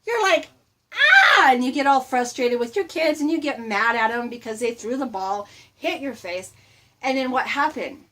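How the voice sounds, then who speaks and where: A woman's voice: a little high, fairly bright tone. A woman hosting a casual motivational talk, chatty and laughing often as she speaks to her viewers. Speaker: host.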